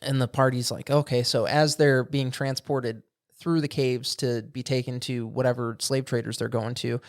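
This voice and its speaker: A man co-hosting a podcast, casually telling a rambling story and acting out quotes. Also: mid-range voice. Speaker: podcast co-host. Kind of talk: casual chat. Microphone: studio microphone.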